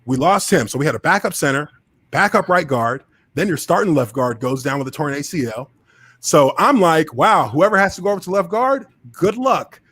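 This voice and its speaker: A podcast host with a somewhat high voice tells a long story in a relaxed, animated way. He jumps into the voices of the people in it, and the sound is close and dry with no room echo. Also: moderate pace, husky. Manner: animated, acts out others' voices in quotes. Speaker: podcast host, former football lineman. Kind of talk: casual storytelling. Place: home studio at a computer.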